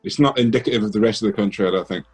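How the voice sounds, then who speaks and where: A man co-hosting a podcast, talking in a halting, hesitant way with many pauses. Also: on the low side, darkish tone, breathy edge, faint music behind. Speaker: podcast co-host. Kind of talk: casual podcast chat.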